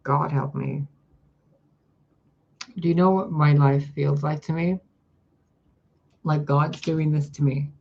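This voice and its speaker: A woman's voice: low voice, fairly even intonation, slow, gravelly, pauses often, a little mellow, lo-fi sound. A woman vlogging in a casual, profane, exasperated rant into a phone mic.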